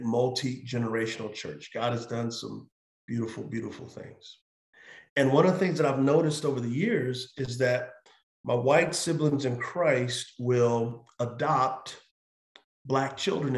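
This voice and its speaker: Man, pastor, emphatic preacher's delivery, acts out quotes, echoey room. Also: mid-range voice. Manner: emphatic, acts out quoted voices, builds in repeated phrases. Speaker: pastor and author, guest. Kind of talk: passionate preaching-style conversation.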